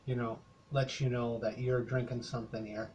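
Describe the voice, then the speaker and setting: Older Canadian man who vlogs beer reviews; rambling, hesitant delivery, middle pitch, with slight noise in the background. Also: little pitch movement, moderate pace, a little mellow, dull audio. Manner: rambling, hesitant, many fillers.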